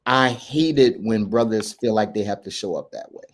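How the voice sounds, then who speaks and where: Man, low voice, earnest coaching talk, reflective, frequent restarts. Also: moderate pace. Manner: earnest, reflective, many restarts and emphatic "right?". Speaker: men's coach and podcast host. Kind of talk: candid conversational coaching talk.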